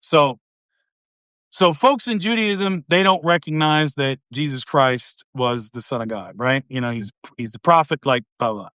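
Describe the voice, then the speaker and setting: A man telling jokes and service stories in a casual live-video chat, quick and chatty. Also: mid-range voice, sharp tone, clear, resonant tone, no echo, clean studio sound. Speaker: military veteran guest.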